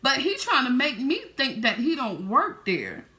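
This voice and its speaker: A woman in her thirties telling a story straight to her viewers, animated and heavy on profanity. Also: sits high, a little slow. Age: 30s. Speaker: vlogger.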